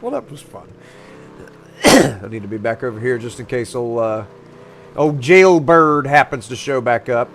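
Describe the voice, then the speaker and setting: A man's voice: medium pitch, big pitch swings, unhurried, gravelly, a bit bright, slight background noise. A young man streaming a roleplay game, chatting casually, rambling and joking with plenty of cursing. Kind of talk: casual gameplay chat.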